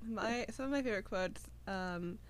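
A woman's voice: medium pitch, moderate pace. A young woman co-hosts a casual podcast and gushes about what she has watched. She giggles often and fills her talk with "like" and "um". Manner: giggly, gushing, lots of fillers. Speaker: podcast co-host. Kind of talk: casual chat.

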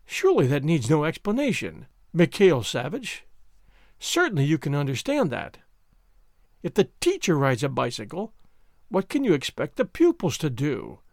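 A man's voice: wildly swooping pitch, moderate pace, no room sound, clean studio sound. A man reading aloud and voicing a fussy, timid schoolmaster who speaks in a fretful, pleading way. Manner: fretful, pleading, higher pitch. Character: fussy, timid male schoolmaster, anxious and prim.

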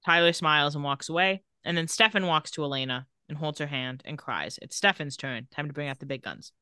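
A woman co-hosting a casual recap podcast, retelling scenes and reading lines of dialogue in a flat, even voice. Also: deep voice, brisk, clean tone, no room sound, studio quality. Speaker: podcast co-host.

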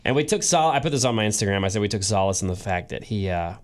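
A man co-hosting a casual podcast, telling an emotional story with many restarts and pauses, teary at times. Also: lowish voice, lively intonation. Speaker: podcast co-host. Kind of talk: casual chat.

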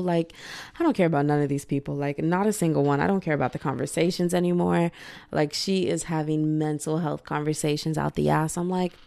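A young woman hosts her own podcast and chats in a loose, animated, slangy way. Her voice sits on the low side with a gravelly edge and a mellow, dark tone. The sound is dry and close. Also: no echo. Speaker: solo podcaster. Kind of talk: casual chat.

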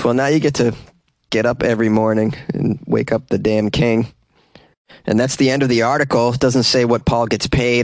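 A man of middle pitch riffs sarcastically on odd news stories, wandering into asides as he goes. He records close to the mic in a small closet, so the sound is very dry and plosives pop. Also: dry recording. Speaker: comedy news host. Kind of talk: comedic news commentary. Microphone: close home mic with plosive popping.

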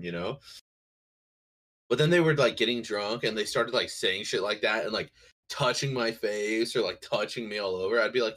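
A man's voice: fairly low pitch, moderate pace, fairly bright tone. A married man on a podcast talking bluntly and profanely in casual chat. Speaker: podcast co-host.

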